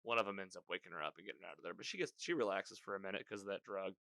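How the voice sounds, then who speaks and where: A man hosting a podcast, recapping a TV season in casual, rambling chat full of fillers and quick quoted lines. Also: sits low, creaky, pushed and bright, no room sound. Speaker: podcast host.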